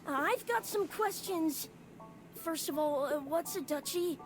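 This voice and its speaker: A woman's voice: extremely high pitch, measured pace, faint music behind. A woman voicing a shy, nervous young hermit crab who stammers hesitantly.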